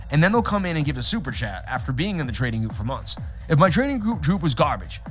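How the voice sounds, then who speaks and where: Guy running a live stream, kinda high voice, keeps repeating himself, faint music behind. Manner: animated, repeats himself, talks straight to chat. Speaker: livestream host. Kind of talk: casual livestream chat.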